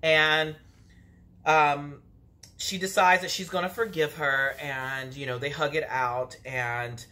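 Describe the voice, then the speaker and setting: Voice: mid-range voice, steady tone, takes it slowly, sharp tone. A vlogger giving a casual, gossipy episode recap, chatty and opinionated, full of "you know" and "like". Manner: sassy and opinionated.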